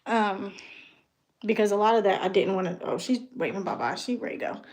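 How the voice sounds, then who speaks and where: A woman's voice: mid-range voice, brisk, darkish tone. A young woman chatting casually on her vlog, laughing often and trailing off with ums while she talks aside to her toddler. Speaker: beauty vlogger and mother.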